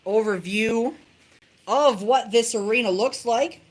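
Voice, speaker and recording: A woman's voice: fairly high pitch, takes it slowly, a little hiss or hum, rough recording. A woman hosting a casual livestream from a home tabletop setup, self-deprecating and chuckling often. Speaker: host of a toy robot fight livestream.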